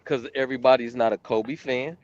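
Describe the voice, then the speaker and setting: A man's voice: medium pitch, fairly even intonation, fairly quick, no echo, dull audio. A man judging poetry, explaining his scores in a casual, hesitant way while he searches for words. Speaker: judge. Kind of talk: casual chat.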